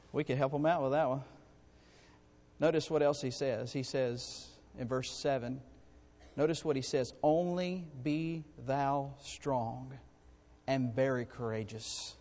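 A man preaching a sermon. He swings between loud, rising exhortation and quiet asides, and reads scripture in slow, drawn-out phrases. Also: medium pitch. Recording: long hall reverb.

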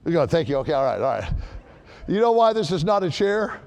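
Emphatic preacher in an echoing hall. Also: male voice, fairly high pitch, brisk, creaky. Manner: animated, emphatic, repeats key words. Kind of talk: sermon.

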